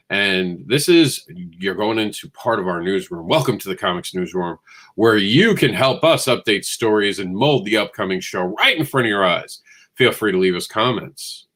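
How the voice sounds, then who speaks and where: A man's voice: medium pitch, fairly bright tone. A man hosting a comics news show, rambling and enthusiastic with a self-deprecating streak. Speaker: host.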